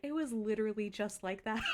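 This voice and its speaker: Lively chatty young woman streamer. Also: mid-range voice, measured pace, very noisy. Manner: chatty, self-deprecating, swearing. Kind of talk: casual stream chat.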